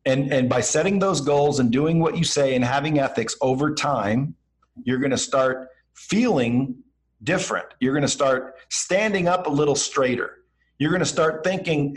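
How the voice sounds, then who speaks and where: A man's voice: fairly high pitch, lively intonation, moderate pace, poor audio. A man as a podcast guest giving blunt, slangy motivational advice and acting out bits of dialogue as he talks. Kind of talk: motivational advice in casual conversation.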